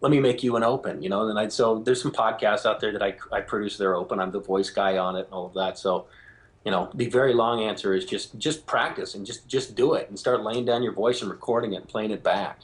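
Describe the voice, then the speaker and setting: A man being interviewed as a guest, telling stories in an animated way and acting out the voices of people he quotes. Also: lowish voice, fairly quick. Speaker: guest, game show host. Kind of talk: phone interview, storytelling.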